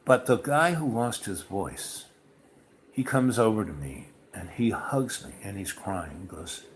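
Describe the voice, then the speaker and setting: A man's voice: lowish voice, expressive, unhurried, slight background noise. A man hosting a podcast, telling a personal story in a casual, rambling way full of fillers and restarts. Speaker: podcast host.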